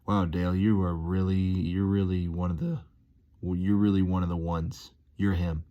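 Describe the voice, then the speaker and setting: Low voiced guy rambling on in a chill upbeat vlog, playful, lots of chuckles. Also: level tone, normal speed, dark tone, lo-fi sound. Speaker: vlogger. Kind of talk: casual upbeat monologue to camera.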